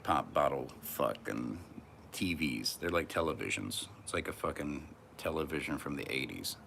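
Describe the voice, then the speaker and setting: A man's voice: a bass voice, animated, normal speed, vocal fry, a bit bright, slight background noise. A man vlogging from a back porch outdoors, talking in a brash, profane, rambling monologue.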